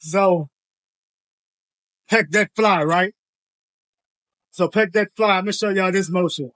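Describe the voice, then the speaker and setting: A man's voice: sits high, slow, a bit bright, no echo. A young man giving casual workout instruction in a gym, laid-back and slangy, constantly checking in with tag questions. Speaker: fitness coach.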